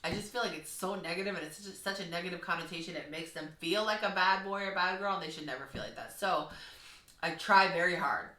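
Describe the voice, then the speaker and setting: A woman's voice: on the low side, quick pace, hardly any pauses, roomy sound, recorded from a distance. A woman who teaches kindergarten, speaking earnestly and encouragingly in a heartfelt vlog. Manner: earnest, encouraging, gently instructive. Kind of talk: heartfelt talking-to-camera vlog.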